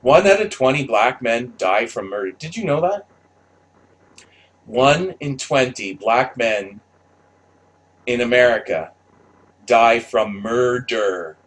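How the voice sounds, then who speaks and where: A man's voice: medium pitch, animated, takes it slowly, pauses often. A man delivering an unscripted, blunt monologue with lots of swearing and restarts. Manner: blunt, profane, rambling with restarts. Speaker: commentator.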